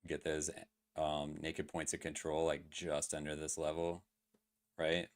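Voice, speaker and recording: Very deep-voiced man analyzing charts. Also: monotone, unhurried. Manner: loose, filler-heavy, asks chat questions. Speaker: crypto trading streamer. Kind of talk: casual livestream chart analysis.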